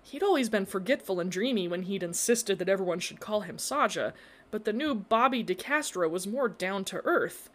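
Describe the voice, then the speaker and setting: A woman's voice: medium pitch, expressive, moderate pace. Woman reading a story aloud. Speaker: narrator. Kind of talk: scripted storybook narration.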